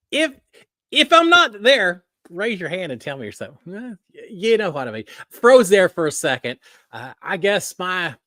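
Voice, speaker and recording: A man's voice: high-pitched, pushed and bright, dry recording, clean studio sound. A middle-aged man from Texas with a Texan accent, hosting a live stream in a folksy, friendly way and laughing at himself. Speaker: host.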